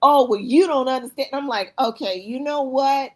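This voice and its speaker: A woman's voice: sits high, moderate pace, darkish tone. A woman chatting as a guest on a live stream, telling stories and acting out her own reactions in quoted asides. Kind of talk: animated casual chat.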